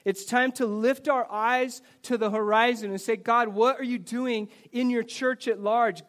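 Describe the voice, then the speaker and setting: A man preaching a sermon to his congregation in a church service, telling personal stories in a lively, conversational way. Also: extremely high pitch, a little slow, few pauses. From United States. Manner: conversational, animated storytelling preacher. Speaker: pastor.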